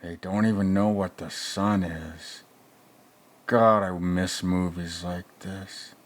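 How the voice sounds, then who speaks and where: A man's voice: deep voice, fairly even intonation, slow. A man playing a crude, rambling older male movie reviewer who mutters sarcastic asides in a comedic reaction commentary.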